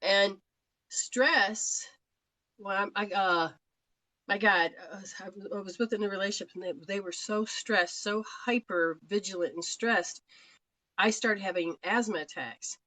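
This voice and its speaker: A woman's voice: mid-range voice, a little slow, pushed and bright, dry recording, poor audio. A woman from Australia giving live spiritual readings in a chatty, rambling way, laughing often. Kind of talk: live-stream talk.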